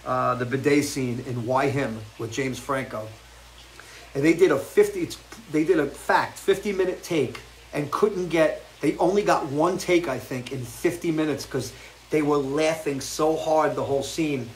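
A man on a casual live chat with viewers, his voice sitting a little high for a man. He rambles and swears, rising into loud animated outbursts and then dropping to low mutters. A faint hiss of noise runs behind him. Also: normal speed, rough recording. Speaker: host.

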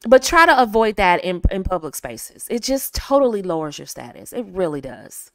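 A woman's voice: medium pitch, big pitch swings, normal speed, fairly bright tone, no room sound. Chatty Southern woman, dry close sound. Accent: Southern American. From American South. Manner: chatty, laughs often, acts out quoted phrases. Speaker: video host. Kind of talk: casual advice talk.

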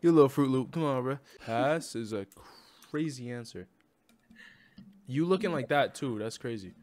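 A man's voice: medium pitch, expressive, normal speed, darkish tone. Brash teasing young man. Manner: brash, teasing, laughs often. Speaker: video chat prankster. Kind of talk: casual roasting chat. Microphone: own desk microphone.

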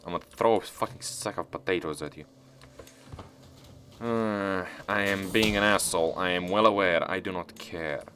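A man's voice: deep voice, normal speed, sharp tone, slight background noise. A man giving casual, profane gameplay commentary as a let's-player, talking back at the game as he plays.

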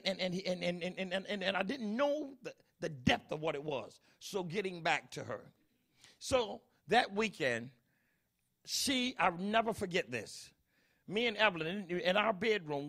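A middle-aged male pastor preaching with a gravelly, rough-edged voice. His tone is bright and forceful and sits a little high. He drives his points home emphatically and keeps asking the congregation whether they follow. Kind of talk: sermon.

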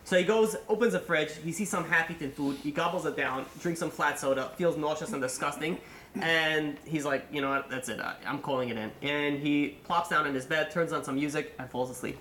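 A man, a rabbi, telling a long story in a sermon, animated and full of fillers, acting out the people in it. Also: on the high side, normal speed, echoey room, a little hiss or hum. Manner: animated, acts out quotes, many fillers.

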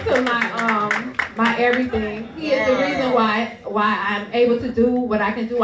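A woman telling a personal story on stage at a training event, laughing often and speaking with grateful emotion. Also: on the high side. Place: large event room. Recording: echoey hall, mic at a distance.

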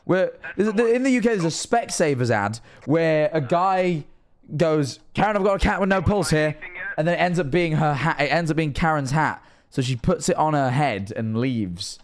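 A man's voice: a little high, lively intonation, moderate pace. Playful streamer man. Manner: playful, teasing banter. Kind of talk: casual gaming chat.

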